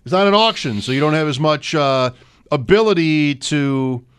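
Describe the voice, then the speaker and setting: A man's voice: a little high, expressive, normal speed, clear, resonant tone. A man co-hosting a casual fantasy football chat, thinking aloud and rattling off player names. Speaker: co-host.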